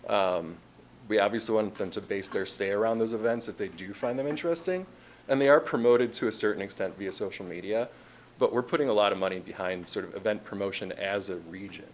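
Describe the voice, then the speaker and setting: A man's voice: fairly low pitch, fairly quick, a little hiss or hum. A man with a Chicago accent presenting a tourism marketing plan to a city council, casual and conversational with frequent fillers and restarts. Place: council meeting chamber.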